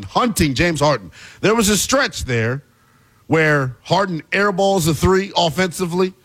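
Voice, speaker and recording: A man hosting a basketball talk show, delivering an animated, exasperated commentary rant with plenty of emphasis. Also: sits high. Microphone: earpiece in studio.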